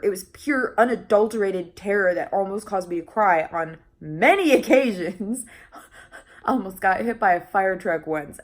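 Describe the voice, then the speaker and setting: A young woman talking casually in a vlog, chatty and full of restarts and fillers, laughing often. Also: fairly low pitch. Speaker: vlogger.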